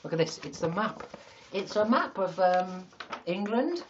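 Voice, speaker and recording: Streaming from his sister's attic, this Yorkshire host talks in a high, very animated but unhurried way, rambling, poking fun at himself, and dropping the odd swear word. The sound is dull, with background noise behind him.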